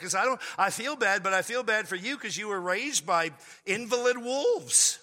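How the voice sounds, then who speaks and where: A man with a high, very bright and cutting voice preaches to his congregation, telling a funny story. He exaggerates for laughs and bursts into sudden shouts. His voice rings out with a long reverb in a large church hall. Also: animated, normal speed. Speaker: pastor. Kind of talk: humorous sermon storytelling.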